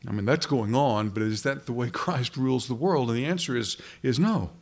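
A man's voice: medium pitch, brisk. Conversational man preaching a sermon. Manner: conversational preaching with frequent restarts and rhetorical questions. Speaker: pastor.

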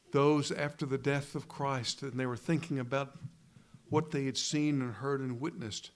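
This is a sermon from a male preacher who sounds earnest and emphatic. He leans on dramatic pauses, and his quotations sink to a hushed, low register.

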